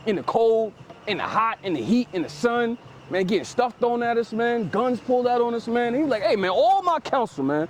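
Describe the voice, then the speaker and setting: A man's voice: very high voice, a little fast, slight background noise. A man preaching outdoors, explaining scripture in loose street slang and tagging phrases with "man". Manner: lively and emphatic, paraphrases scripture in street speech.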